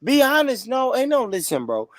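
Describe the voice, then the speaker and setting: Over a loud crowd, a man with a very high voice and huge pitch swings hosts a heated casual debate at normal speed. As podcast host he's emphatic and repetitive, cutting in often and swearing.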